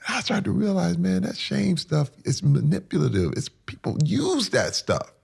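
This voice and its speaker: Gravelly husky guy opening up in an interview, earnest, keeps repeating himself for emphasis. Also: sits high, wildly swooping pitch, moderate pace. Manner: drops to a hushed whisper at moving moments. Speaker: interview guest. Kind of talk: candid personal storytelling.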